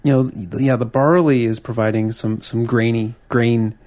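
A man co-hosting a podcast, chatting casually through a beer tasting in a relaxed, rambling way, often restarting his sentences. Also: mid-range voice, normal speed. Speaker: podcast co-host.

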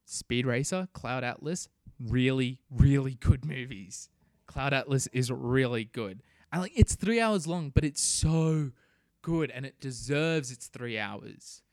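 A man's voice: medium pitch, animated, takes it slowly, a little mellow, dry recording. Young man enthusing, dry close sound. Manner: enthusiastic, pleading recommendations. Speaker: podcast co-host. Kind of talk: casual podcast chat.

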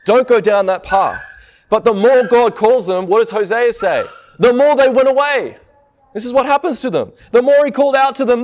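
Man, preacher, sermon, fairly high voice, conversational, rhetorical questions.

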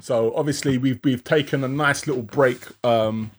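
A man hosts a podcast in easy, slang-filled chat. His voice sits in a middle range. He reels off shout-outs in a loose, friendly rhythm. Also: mid-range voice, moderate pace, a little hiss or hum. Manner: relaxed slang-heavy banter. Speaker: podcast co-host and DJ. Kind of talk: casual chat.

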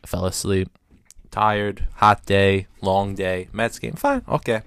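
Man, casual rambling storyteller, lively pitch, dry close sound. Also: slow, clean tone, no echo. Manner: animated, rambling with restarts and fillers.

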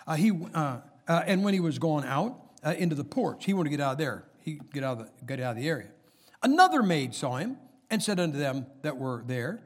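A middle-aged man preaching a sermon, chatting with the congregation and reading scripture aloud with rising emphasis. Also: on the high side.

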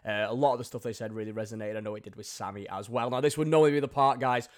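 A man's voice: mid-range voice, fairly even intonation, rapid-fire. A man hosting a casual podcast, jokey and enthusiastic, with big bursts of laughter. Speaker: podcast host.

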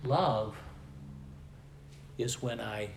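Slow, echoey man preaching a sermon. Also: mid-range voice, vocal fry, slight background noise. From American Midwest. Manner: slow, emphatic preaching with rising and falling volume. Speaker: pastor.

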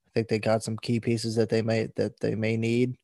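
A man's voice: fairly low pitch, normal speed, vocal fry, dry recording. A man co-hosting a podcast, giving his takes in casual sports chat and often restarting his sentences. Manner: flat, repeats words as he restarts. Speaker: podcast co-host.

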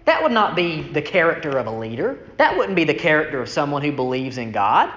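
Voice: big pitch swings, brisk, fairly bright tone. Conversational preacher in an echoey hall. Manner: conversational, asks rhetorical "right?" questions; acts out quoted speech with shifts in pitch. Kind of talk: sermon, reading scripture and explaining it. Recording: echoey hall, dull lo-fi sound.

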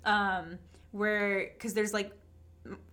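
A woman's voice: mid-range voice, steady tone, slow pace, pushed and bright. Rambling, hesitant young woman guest. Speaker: podcast guest. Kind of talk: casual chat.

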